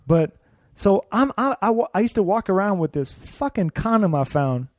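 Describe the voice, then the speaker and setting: A man from India, a podcast co-host, telling stories in a casual, profane and animated way. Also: high voice, normal speed, no echo. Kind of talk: casual chat.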